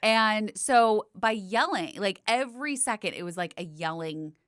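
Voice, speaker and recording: A middle-aged woman co-hosting a podcast in casual chat, frank and animated when retelling stories, with some swearing. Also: medium pitch, unhurried, no echo, studio quality. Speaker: podcast co-host.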